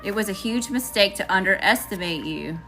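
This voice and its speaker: A woman's voice: medium pitch, animated, moderate pace, over music. A woman with a Southern accent doing a casual tarot reading, chatty and slangy, talking back to Spirit. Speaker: tarot reader.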